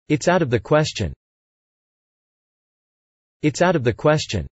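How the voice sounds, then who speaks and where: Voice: mid-range voice, big pitch swings, unhurried, long pauses, no room sound, muffled recording. An English teacher reading short practice phrases, saying each one several times with careful pacing. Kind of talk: slow, repeated practice phrases.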